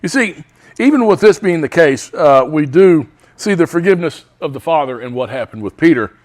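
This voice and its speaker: A man leads a Bible study, reading scripture aloud with emphasis. His voice sits a little high and moves through a wide, lively range. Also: moderate pace.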